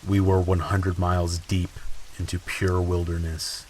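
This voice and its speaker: A man reading creepy stories in a slow, ominous scripted narration. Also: deep voice, monotone, a little mellow, rough recording. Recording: faint hiss and rain sounds behind. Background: rain ambience.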